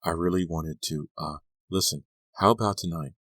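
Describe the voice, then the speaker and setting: A man doing a soft-voiced teasing teenage girl. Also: low-pitched, normal speed, no echo, clean studio sound.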